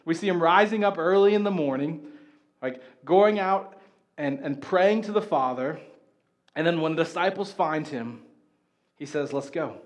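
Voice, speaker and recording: A man preaching a sermon in a casual, conversational way, often checking in with "right?" and getting animated as he retells the scene. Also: a little high, moderate pace. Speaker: pastor.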